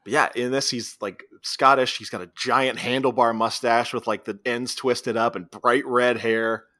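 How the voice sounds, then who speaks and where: A man's voice: medium pitch, steady tone, normal speed, bright, forceful tone, no echo, studio quality. A man co-hosting a podcast, casually recapping a film's plot scene by scene. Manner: retells scenes, quoting characters in brief voices. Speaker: podcast co-host. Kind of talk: casual movie recap chat.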